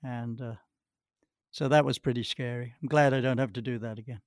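A golf pro, interviewed as a guest, tells long anecdotes full of restarts and hesitations. His mid-range voice keeps fairly even intonation at a fairly quick pace, captured in a dry, studio-quality recording.

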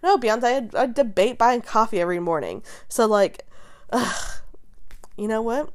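A young adult woman hosting casual pop-culture commentary, talking in quick, animated, profane rants with a sarcastic edge and frequent laughter. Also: fairly high pitch. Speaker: host.

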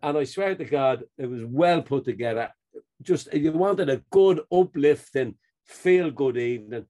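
This podcast co-host talks in a mid-range, dark-toned voice, a little on the slow side. He's a chatty storyteller, keeping the conversation casual and laughing often.

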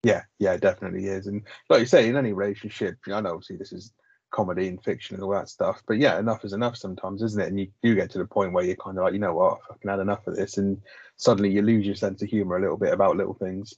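Fast-talking husky man. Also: low voice, steady tone, darkish tone, dry recording. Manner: loose, swears, lots of "like". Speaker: podcast co-host. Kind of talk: casual chat about a sitcom. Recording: slightly muffled lo-fi audio.

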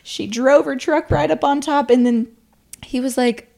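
A young adult woman co-hosting a podcast, telling stories in a casual, animated way and swearing freely. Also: sits high, a little slow, vocal fry. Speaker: podcast co-host. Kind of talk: casual storytelling chat.

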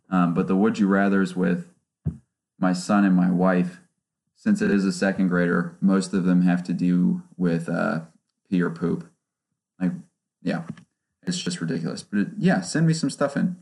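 A man's voice: deep voice, vocal fry, darkish tone. Sarcastic man ranting on a podcast. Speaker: podcast host. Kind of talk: solo casual podcast talk. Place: small home studio. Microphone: one omnidirectional microphone.

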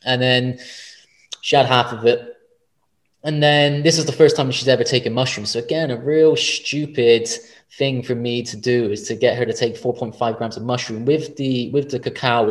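A man in mid-range pitch, spinning a long personal anecdote as a podcast guest. He rambles, swears freely and keeps restarting his sentences. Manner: rambling, frequent swearing and self-corrections. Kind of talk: casual personal storytelling.

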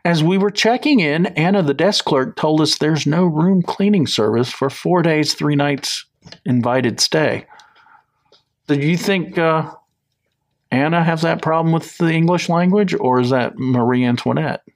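A man's voice: on the high side, measured pace. A man co-hosting a casual comedy podcast, joking and reading reviews aloud. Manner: joking, reads reviews aloud with mock voices. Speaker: podcast co-host.

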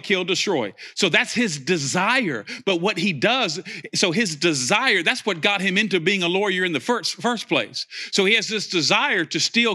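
Male preacher, forceful bright delivery, builds to shouts, jokes in between. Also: high voice. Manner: animated, rising to near-shouts, joking asides. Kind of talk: sermon.

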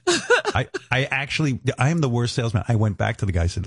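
A man's voice: medium pitch, wildly swooping pitch, fast, creaky, a bit bright, husky, no echo, studio quality. A man from New hosts a radio show, telling rambling stories full of profanity and fillers. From New York. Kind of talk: casual radio show banter.

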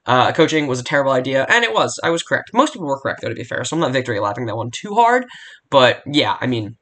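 A man's voice: medium pitch, very animated, quick pace, fairly bright tone. Young male solo podcaster, blunt and profane, rambling home recording. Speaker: podcast host. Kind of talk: casual solo sports betting podcast. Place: home room near a barking dog.

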